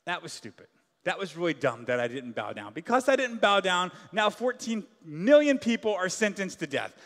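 A man's voice: sits high, very animated, moderate pace, a bit bright, in a large hall. A man acting out a regretful man who is eager to make amends, sheepish and fawning.

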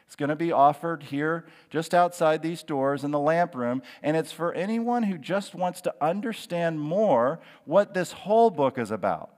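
Animated pastor preaching in a reverberant hall. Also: male voice, fairly high pitch. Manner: earnest, encouraging, emphatic with slow drawn-out phrases. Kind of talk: sermon. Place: church sanctuary.

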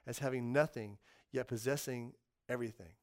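A man preaching a sermon, animated and acting out voices in his illustrations. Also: medium pitch, moderate pace.

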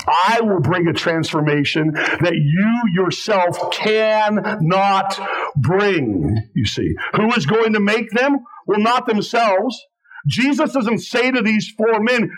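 A man, a pastor, preaching a sermon in church, repeating phrases for weight and dropping low and slow on key words. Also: expressive, a bit bright, low-quality recording.

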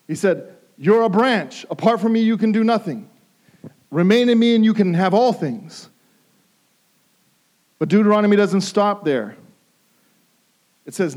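High-voiced man preaching emphatically. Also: darkish tone. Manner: emphatic, repeats phrases for emphasis. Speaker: pastor. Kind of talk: sermon.

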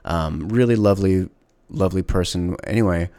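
A man hosting his own solo podcast, talking candidly and reflectively, pausing and restarting often. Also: low-pitched, dark tone, smooth, no room sound. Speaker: podcast host. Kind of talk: casual solo podcast monologue.

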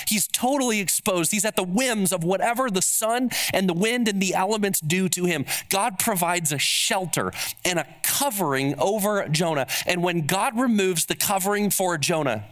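A somewhat high-voiced man delivers a sermon from the pulpit. He drives his points home with repeated rhetorical questions and acts out the words of the people he quotes. His pitch rises and falls as he moves between teaching and telling the story. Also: a bit bright. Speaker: pastor.

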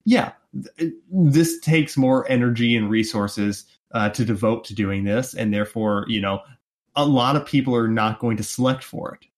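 A man's voice: medium pitch, moderate pace. Hesitant man full of "like" fillers. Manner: hesitant, heavy filler words, lots of "like". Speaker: podcast co-host. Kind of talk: casual political podcast chat.

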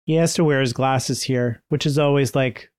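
A man chats casually about a book with his co-host. He's upbeat and quick to laugh, and his voice sits in an ordinary middle range. The sound is close and dry, with no room echo. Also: mid-range voice, steady tone, darkish tone, clear, resonant tone. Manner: chatty, laughs often, does silly voices. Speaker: podcast co-host. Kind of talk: casual book-club chat.

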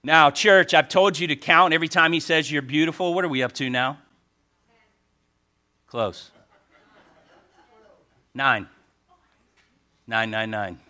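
A man preaching a sermon as pastor, animated and joking with the congregation. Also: a little high, takes it slowly, long pauses.

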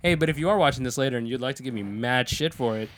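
A man's voice: mid-range voice, racing, fairly bright tone. A young man co-hosting a podcast, bantering casually and crudely with jokes and rambling asides. He grew up in another country. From outside the country of the show. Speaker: podcast co-host.

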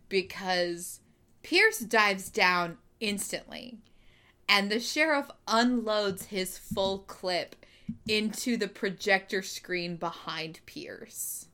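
A woman's voice: mid-range voice, sharp tone, clean tone. A woman co-hosting a podcast who gives wry, joking commentary on a TV episode. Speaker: podcast co-host. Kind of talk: casual TV recap chat.

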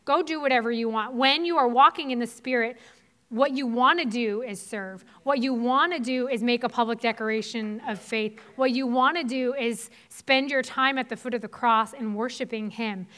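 Clear-voiced woman preaching casually. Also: on the high side, normal speed, fairly bright tone. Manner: casual conversational preaching with many fillers. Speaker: pastor's wife preaching. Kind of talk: sermon.

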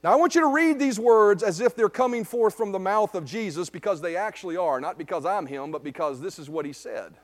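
A man's voice: high voice, lively intonation, brisk, hardly any pauses. A man preaching a sermon at a church service, emphatic, often checking with the congregation by asking "right?". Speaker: pastor.

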